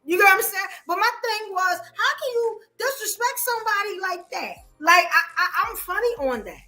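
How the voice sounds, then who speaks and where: A woman's voice: extremely high pitch, moderate pace. A woman from Brooklyn with a New York accent, hosting a podcast in casual, emphatic chat. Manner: animated, emphatic storytelling with repeated "you get what I'm saying". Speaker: podcast host.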